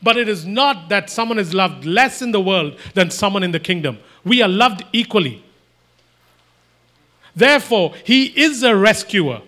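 A man's voice: sits high, animated, moderate pace, few pauses, bright, forceful tone. A man preaching a sermon, emphatic and repetitive, acting out imagined everyday exchanges.

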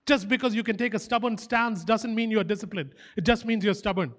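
A pastor delivers a fervent sermon in a high-pitched male voice. He drives points home by repeating short phrases with emphatic insistence. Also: a little fast. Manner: fervent, animated exhortation.

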